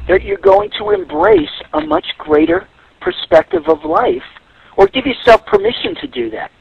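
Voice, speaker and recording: A man's voice: very high-pitched, creaky, no echo, phone-quality sound. A man giving a radio interview as a guest, telling stories in a reflective way. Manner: storytelling, reflective.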